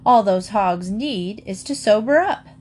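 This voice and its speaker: A woman's voice: mid-range voice, expressive, measured pace, a little mellow. A woman voicing Mrs Archer, a self-assured, gossipy small-town lady.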